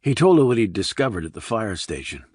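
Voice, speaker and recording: A man narrating a thriller audiobook in a steady, even reading. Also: fairly low pitch, fast, breathy edge, no echo, studio quality.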